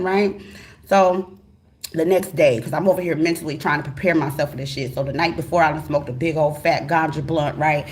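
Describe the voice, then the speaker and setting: A woman host telling a personal story to her viewers in a casual, animated and profane way, swinging between a hushed voice and a loud one. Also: low-pitched, fairly quick. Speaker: tarot channel host.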